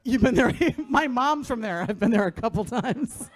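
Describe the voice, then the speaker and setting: Brash high-voiced woman doing stand-up. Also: lively intonation, moderate pace. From New Jersey. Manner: brash, profane, laughing often, acting out her son in a high voice. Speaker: stand-up comedian. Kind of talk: stand-up comedy set. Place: comedy club stage before a live audience.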